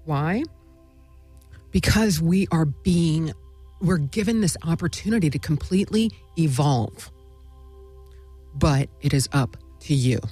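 A woman's voice: low voice, dark tone, no echo. A woman hosting a spiritual talk show, speaking in a meandering monologue full of "you know" and "right?". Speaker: host.

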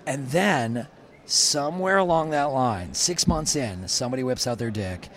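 A man's voice: medium pitch, moderate pace. A middle-aged man, a food truck owner, telling stories in casual panel chat and acting out quotes. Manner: animated storyteller, acts out quotes.

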